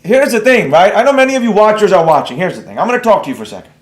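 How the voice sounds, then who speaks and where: A man's voice: high voice, sing-song, very fast, reverberant. A man hosting a trading livestream, talking bluntly and brashly with some swearing while he reads out the chat. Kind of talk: live-stream rant, reading chat aloud.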